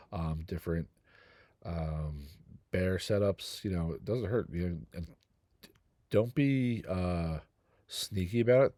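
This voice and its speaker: Middle-aged guy, low voice, goes over game heroes all loose and jokey, dry close sound. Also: mellow, no echo. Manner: rambling, jokey, self-deprecating. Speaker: gaming channel host. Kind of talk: casual game guide commentary.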